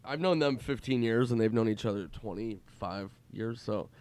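A male comedian telling animated stories in casual chat, swearing freely. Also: on the low side, moderate pace. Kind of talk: casual podcast storytelling.

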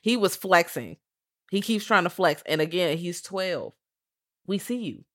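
Animated, profane woman podcast co-host. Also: lowish voice, a little slow. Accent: Southern US. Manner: animated, profane, acts out characters' lines. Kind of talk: casual movie review chat.

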